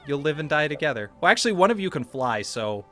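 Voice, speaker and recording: A man's voice: fairly high pitch, sing-song, fast talker, sharp tone, faint music behind. Rambling laid-back male podcast co-host. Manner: rambling, swears, laughs often. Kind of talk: casual chat while watching gameplay.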